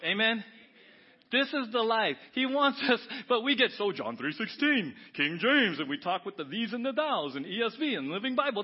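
A male pastor preaching a sermon, animated, swinging between soft asides and loud exclamations. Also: high-pitched, fairly quick, slightly rough, lo-fi sound.

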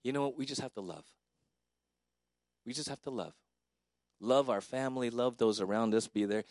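A man's voice: mid-range voice, normal speed, no echo, clean studio sound. A middle-aged man, a pastor, giving a personal, conversational eulogy at a memorial service. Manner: conversational, warmly personal, with filler words.

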